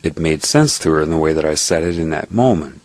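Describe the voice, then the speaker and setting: A man's voice: a bass voice, expressive, brisk, a little mellow. A man giving an earnest spiritual monologue in the form of a personal story, explaining his points step by step and checking in with "right?".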